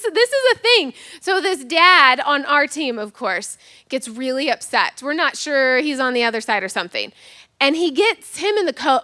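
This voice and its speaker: A woman pastor in her thirties preaching a sermon, telling a funny personal story and acting out the lines of the people in it. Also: sits high. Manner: animated storytelling with acted-out quotes, self-mocking humor.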